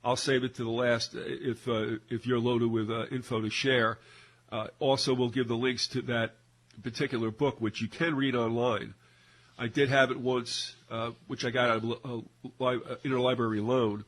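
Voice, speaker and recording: A man's voice: medium pitch, flat delivery, moderate pace, fairly bright tone. A man co-hosting a casual talk radio discussion, rambling with many fillers and restarts. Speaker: co-host.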